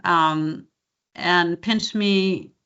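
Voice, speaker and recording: A woman dialect coach chatting in an interview, animated and breaking into laughter mid-sentence. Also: fairly low pitch, extremely slow, smooth. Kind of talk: casual interview chat. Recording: dull lo-fi sound.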